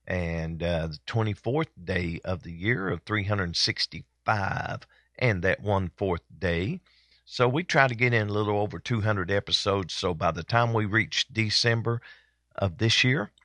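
A man hosting a daily broadcast, talking in a relaxed, chatty way with many fillers. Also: fairly low pitch, no room sound. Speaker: host. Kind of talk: casual daily broadcast talk.

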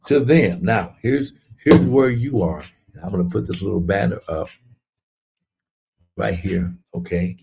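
Male preacher on a livestream, fervent and repetitive, husky low voice. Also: measured pace, darkish tone. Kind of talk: livestreamed sermon.

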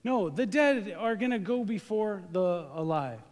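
A man preaching a lively, joking sermon, speaking straight to his congregation during a live church service. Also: high voice, unhurried. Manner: joking, animated, talks to the congregation directly. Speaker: pastor. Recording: live church recording with long hall reverb.

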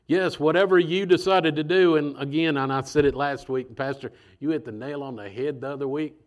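Male preacher, slightly high voice, conversational and animated, acts out voices. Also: a little fast. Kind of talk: sermon.

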